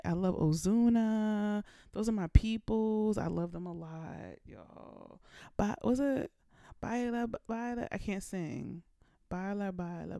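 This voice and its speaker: A woman's voice: lowish voice, vocal fry, mellow, dry recording, clean studio sound. A woman hosting a podcast, chatting casually and playfully, talking straight to her listeners. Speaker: podcast host. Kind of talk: casual chat. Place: indoors, at home.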